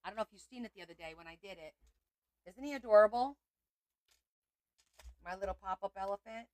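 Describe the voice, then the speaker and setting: A woman's voice: medium pitch, a little fast, darkish tone, dry recording, low-quality recording. A woman hosting a craft livestream, chatting casually and rambling as she talks to viewers.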